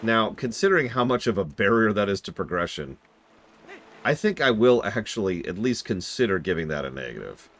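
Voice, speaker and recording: A man's voice: on the low side, sing-song, fairly quick, fairly bright tone, a little hiss or hum. A man streaming live, commenting on a game as he plays and joking with chat in a rambling, self-deprecating way. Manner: talks to chat while playing.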